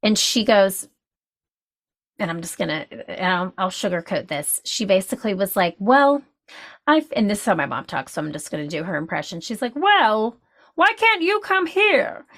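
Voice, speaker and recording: A woman guest telling a personal story in casual chat, animated and full of restarts. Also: lowish voice, a little fast, slightly rough. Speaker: podcast guest.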